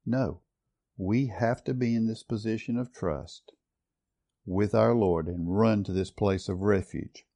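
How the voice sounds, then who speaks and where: A man's voice: on the low side, unhurried, gravelly, mellow. A man preaching a sermon earnestly, building to strong stress on key words. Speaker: pastor.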